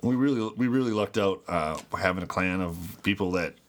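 Low-voiced man joking on a podcast. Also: fairly quick. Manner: joking, reads listener letters aloud with asides. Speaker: podcast co-host. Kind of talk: casual podcast chat.

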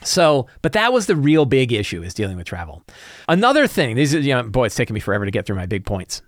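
A man hosting a podcast chats loosely about running a tabletop campaign, wandering into quick asides as he goes. His voice sits at an everyday middle pitch. The recording is dry and close, with no room sound. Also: wildly swooping pitch, no room sound. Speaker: podcast host and game master.

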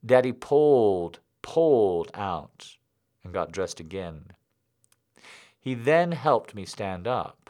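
A man hosting a live comedy show, reading a story aloud and signing off in an animated, rambling, self-deprecating way. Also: lowish voice. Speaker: host.

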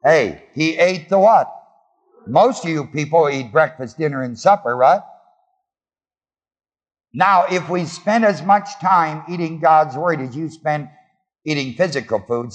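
A man's voice: fairly high pitch, a little slow. A man preaching a sermon, quizzing his congregation with call-and-response questions. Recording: long hall reverb.

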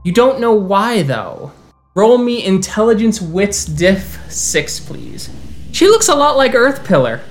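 A man narrating as storyteller of a tabletop role-playing game, voicing its characters in turn with halting restarts. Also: high-pitched, big pitch swings, soft background music. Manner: plays many characters in quick turns, with halting restarts.

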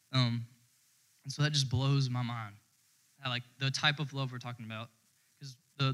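A man's voice: mid-range voice, fairly bright tone, poor audio. A man preaching to his church in a loose, conversational style. He rambles, circles back and restarts his sentences often as he works through his thoughts. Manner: informal and rambling, many fillers and restarts. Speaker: church speaker. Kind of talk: casual conversational sermon.

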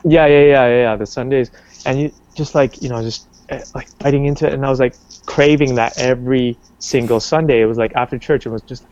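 A man's voice: mid-range voice, brisk, lo-fi sound. A young man from Canada being interviewed, talking casually with lots of fillers and restarts. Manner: rambling, many restarts and fillers, animated when quoting.

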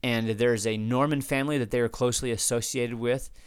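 A man's voice: medium pitch, fairly even intonation, brisk, smooth, no room sound. Man, podcast host, off-the-cuff rambling talk, resonant tone, dry sound. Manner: rambling, off-the-cuff, frequent restarts and asides. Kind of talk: unscripted podcast talk answering listener feedback.

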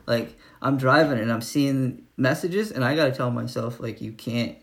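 A man's voice: mid-range voice, normal speed. A young man telling a story in casual chat, swearing often and laughing as he rambles.

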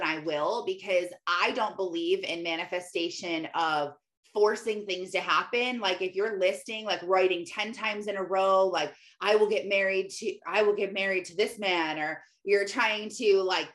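A woman sharing a casual devotional talk, retelling a scripture story in her own words. She speaks in a relaxed, conversational way, dropping "like" as she goes. She is a mother speaking plainly to her listeners about belief. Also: fairly low pitch. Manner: conversational retelling with frequent "like" fillers. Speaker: mother sharing faith reflections.

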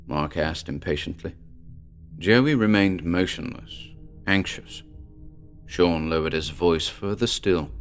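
A man reading a scripted story as narrator in a calm, measured way. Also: deep voice, faint music behind.

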